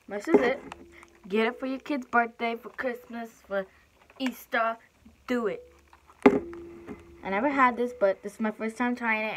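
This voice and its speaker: Woman, mukbang vlogger, chatty, eats while talking, higher pitch, light hiss in the recording. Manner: chatty, giggly, talks while chewing. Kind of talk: casual eating vlog.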